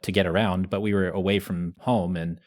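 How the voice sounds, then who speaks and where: A man hosting a podcast, asking relaxed, long questions in a casual interview. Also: deep voice, brisk. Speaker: podcast host.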